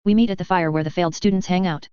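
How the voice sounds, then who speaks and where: A woman voicing a steady, practical young man giving plans and asking questions in an audiobook, with a low, smooth voice on a dull recording. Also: racing, no echo, natural voice. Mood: planning. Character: young male leader, calm and practical.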